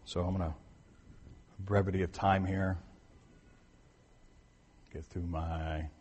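Husky-voiced man preaching in a reverberant hall. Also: low-pitched, little pitch movement, takes it slowly, a little mellow. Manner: conversational, repeats points for emphasis; restarts and corrects himself mid-sentence. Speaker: pastor. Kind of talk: sermon.

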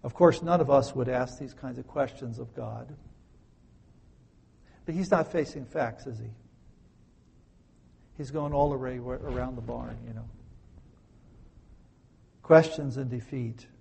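Brief: male preacher, dark mellow tone, rhetorical and emphatic. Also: medium pitch, a little slow, creaky, long pauses, slightly rough, long reverb tail. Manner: emphatic, rhetorical questions, dramatic scripture quoting. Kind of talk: sermon.

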